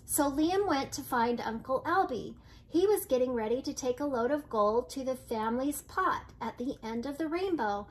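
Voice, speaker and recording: An older woman, a grandmother, reading a children's picture book aloud in a gentle storytelling way, with light voices for the characters. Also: high-pitched, expressive, normal speed, hardly any pauses.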